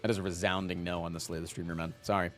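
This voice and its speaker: A man streaming live who chats casually with his viewers, rambling and animated, often tacking "man" onto his sentences. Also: low-pitched, racing, faint music behind.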